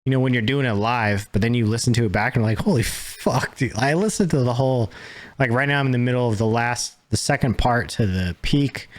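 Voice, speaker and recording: A man co-hosting a podcast in casual chat, laid-back and swearing freely, with a lower smooth tone. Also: fairly quick. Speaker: podcast co-host.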